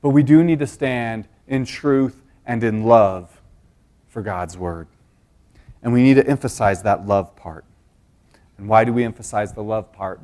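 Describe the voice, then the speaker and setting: A man's voice: mid-range voice, a little mellow. A man preaching a sermon, teaching earnestly with rhetorical questions and frequent restarts.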